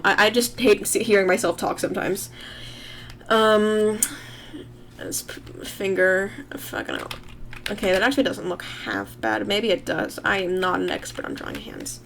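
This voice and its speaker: Young woman, casual livestream chatter, rambling, self-deprecating, mid-pitched voice, home computer mic. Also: a bit bright, slight background noise. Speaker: artist streaming while drawing.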